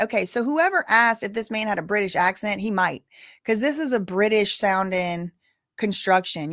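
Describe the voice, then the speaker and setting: Brief: woman, live-stream commentary host, conversational and digressive, mid-pitched, dry close sound. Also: normal speed, fairly bright tone, no echo. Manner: casual, chatty, rambling asides. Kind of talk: live news commentary reading updates.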